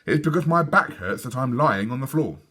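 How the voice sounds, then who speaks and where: A fed-up storybook father with a bad back who grumbles his answers in a low, flat voice, as a male reader plays him. His words come out short and gloomy, with a bright edge to the tone. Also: a little fast, slightly rough. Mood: grumpy. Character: grumpy father lying flat with a sore back.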